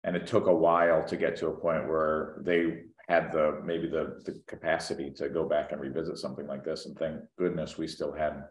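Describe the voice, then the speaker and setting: Deep-voiced actor in an echoey room. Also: male voice, level tone, fairly quick, hardly any pauses. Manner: thoughtful, hesitant with many ums, teasing. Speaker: actor guest. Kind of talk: casual press interview. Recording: roomy echo.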